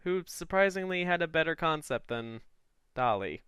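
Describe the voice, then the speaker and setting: A man's voice: on the high side, animated, normal speed, bright, forceful tone, clear, resonant tone, no echo, clean studio sound. A man co-hosting a podcast in casual comedic chat, affectionate and giggly. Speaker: podcast co-host.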